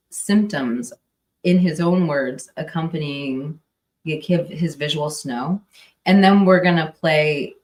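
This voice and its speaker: A woman's voice: on the low side, distant mic. A woman commenting casually on a livestream, hesitant and full of fillers and restarts. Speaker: true crime streamer.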